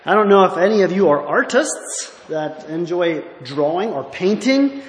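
Speaking at normal speed with a high-sitting voice and lively intonation, this pastor muses his way through a meandering church sermon, often stopping as he searches for words. The recording has an echoey hall sound and faint ambient noise.

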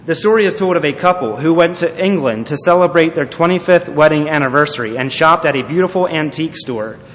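A man's voice: on the high side, a little fast, a bit bright. A male pastor preaching a sermon, earnest and reading a story aloud with feeling. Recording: echoey hall, faint noise.

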